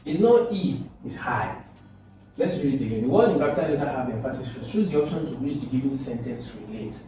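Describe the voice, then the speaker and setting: A man's voice: on the high side, expressive, fairly quick, warm tone, distant mic. A man teaching exam questions step by step, repeating points and asking and answering his own questions. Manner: repetitive, coaxing, asks and answers own questions. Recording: echoey room, voice from off mic.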